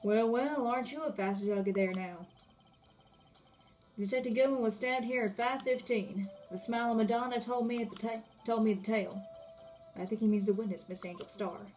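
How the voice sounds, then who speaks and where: A woman's voice: fairly high pitch, moderate pace, darkish tone, soft background music, close to an everyday voice. A woman voicing a swaggering male cowboy police officer with a put-on Texan drawl and folksy sayings.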